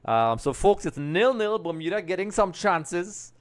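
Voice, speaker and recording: With a high, smooth voice and a slightly slow delivery, a middle-aged Trinidad and Tobago man runs a live football watch-along. He's chatty, names viewers as he greets them, and gets excited over goals as he reacts to the game.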